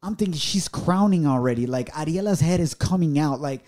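A man co-hosting a podcast, telling a family story in casual chat, in words and acting out quotes in a high, excited voice. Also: fairly quick. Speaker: podcast co-host.

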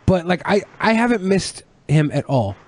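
A man's voice: high-pitched, very animated, moderate pace. A man co-hosting a podcast, riffing crudely and joking in casual chat. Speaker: podcast co-host.

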